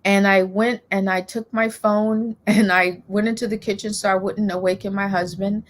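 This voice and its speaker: A woman's voice: mid-range voice, level tone. A woman soprano and composer talking about her songwriting in a casual interview, thoughtful and a little hesitant. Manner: slow, thoughtful, with small hesitations.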